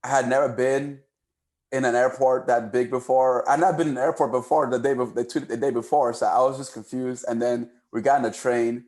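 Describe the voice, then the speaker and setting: Fast-talking man telling stories. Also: medium pitch. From Cameroon. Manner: fast, animated, repeats words while telling stories. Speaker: podcast guest. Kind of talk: casual storytelling.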